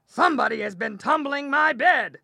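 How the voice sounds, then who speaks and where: A big gruff storybook bear with a loud growling complaint, put on by a woman reading aloud. The voice is raised and forceful, with a dry close sound. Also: sits high, lively intonation, normal speed, dry recording, pitched above the performer's own voice, exaggerated voice. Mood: indignant.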